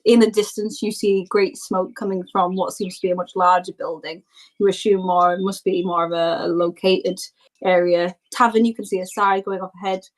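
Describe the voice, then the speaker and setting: A woman's voice: on the low side, little pitch movement, moderate pace, poor audio. A woman narrating a tabletop game as game master, talking loosely with many fillers. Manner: loose, chatty, lots of fillers.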